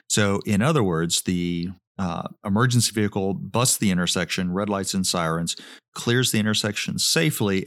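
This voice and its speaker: A man's voice: low-pitched, fairly bright tone, dry recording, studio quality. A man reviewing a research paper in a methodical lecture, with casual asides. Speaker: EMS educator reviewing research.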